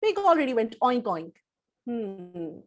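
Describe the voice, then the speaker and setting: A woman telling a story to children in an animated, sing-song way, coaxing them to join in. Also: on the high side, slow, muffled recording.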